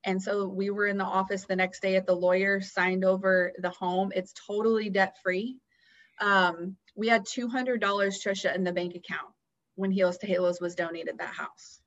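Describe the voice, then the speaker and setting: A woman guest on a podcast, telling a personal story in an earnest, animated way. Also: medium pitch, moderate pace, dull audio. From Houston area, US. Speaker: guest, founder of a nonprofit.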